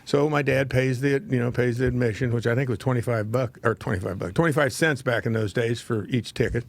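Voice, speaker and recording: Speaking at a brisk clip in a creaky, medium-pitched voice, a talk show host in his 70s wanders through a homespun childhood story. He chuckles at his own yarns as he goes.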